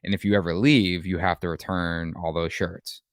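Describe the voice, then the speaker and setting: Podcast co-host, man, very low voice, easygoing, dry close mic. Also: level tone, normal speed, no room sound. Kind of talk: casual podcast chat.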